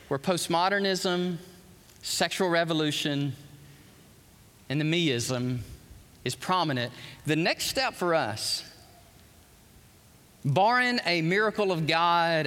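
A man's voice: fairly high pitch, fairly bright tone. A man preaching a live sermon to a congregation, impassioned and repeating words as he gets worked up. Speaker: pastor. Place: church hall with congregation. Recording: long reverb of a large hall.

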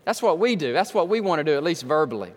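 Man preaching, high voice, very lively pitch, dramatic emphatic delivery, long hall reverb. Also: quick pace. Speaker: pastor. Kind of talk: sermon.

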